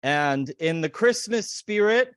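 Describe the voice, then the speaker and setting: A man's voice: a little high, animated, slow, fairly bright tone, clean tone, no echo, studio quality. A man hosting a podcast, reading memes aloud in casual, mocking chat. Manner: sarcastic, mocking. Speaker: podcast host.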